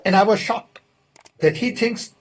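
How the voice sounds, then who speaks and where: Slow, husky older man. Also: high voice. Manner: indignant, emphatic, deliberate pauses. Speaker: interview guest. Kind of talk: political interview.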